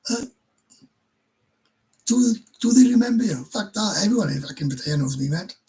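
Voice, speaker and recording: A man's voice: high voice, animated, normal speed, warm tone, breathy edge, low-quality recording. A Welsh man hosting a live stream, telling crude stories, swearing constantly and laughing as he goes. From Wales. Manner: crude, swears constantly, laughs mid-story, stumbles and restarts. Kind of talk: casual storytelling to viewers.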